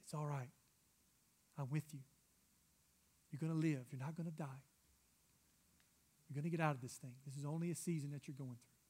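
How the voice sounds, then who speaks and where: A man preaching, voicing God as a gentle presence who speaks softly and reassuringly, close to a whisper. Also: sits high, fairly quick, long pauses, natural voice. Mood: soothing. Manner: soft, near-whispered reassurance.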